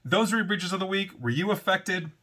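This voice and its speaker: A man's voice: sits high, lively intonation, a little fast, bright, forceful tone. A man hosting a weekly data breach show, talking casually and rambling with fillers and self-corrections. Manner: reads quotes aloud in a put-on French accent. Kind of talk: casual solo commentary.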